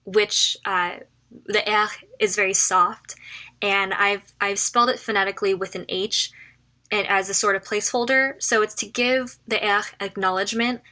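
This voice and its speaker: A woman runs through a casual phrase lesson in a chatty, informal way. Her tone is bright, and she repeats each phrase slowly so learners can follow. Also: medium pitch. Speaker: French phrase teacher.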